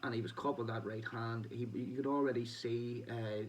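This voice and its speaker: A man with a Northern Irish accent rambles through a casual diary-style vlog, chatty and quick to laugh. His voice sits at an ordinary middle pitch and comes from a little way off the mic. A faint hiss of background noise runs under it. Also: fairly even intonation, far from the mic, rough recording. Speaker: boxing vlogger.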